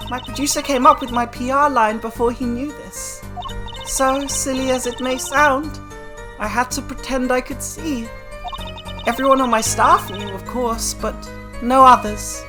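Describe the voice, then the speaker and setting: A woman's voice: high voice, fairly even intonation, over music, pitched above the performer's own voice. A woman voicing a serene blind singer. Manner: slow, soft, formal phrasing. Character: serene blind female singer, gentle, poised. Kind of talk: fan voice-acted game dub.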